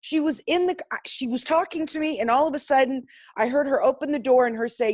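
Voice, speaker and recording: Fairly high-voiced woman on a video call, blunt and emphatic, swears a lot, dry close sound. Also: brisk, hardly any pauses, a little mellow, dry recording. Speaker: class participant sharing insights. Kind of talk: impassioned spiritual group talk.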